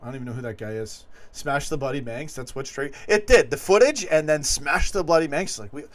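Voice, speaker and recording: A man hosting a late-night fan livestream, rambling and animated as he reads viewer comments. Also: fairly high pitch, quick pace. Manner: rambling, animated, chuckling asides. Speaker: host of a fan call-in show.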